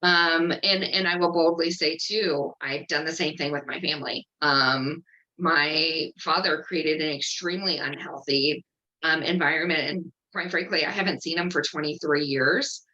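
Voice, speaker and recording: A woman hosting a workshop, speaking earnestly and openly about personal matters, with frequent pauses and ums. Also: deep voice, sharp tone, lo-fi sound. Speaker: workshop host and coach. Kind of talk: candid personal sharing in a virtual workshop.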